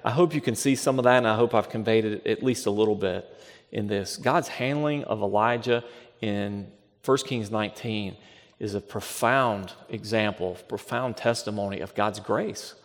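A man's voice: on the low side, moderate pace. A man preaching a sermon as pastor, emphatic, asking rhetorical questions and repeating phrases. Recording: long reverb of a large hall.

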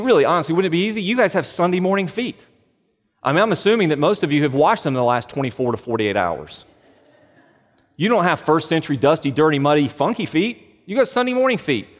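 Guy preaching in church, kinda high voice, lots of questions and jokes, big hall echo. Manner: animated, with rhetorical questions and joking asides. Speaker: pastor. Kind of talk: sermon. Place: church sanctuary. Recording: long hall reverb.

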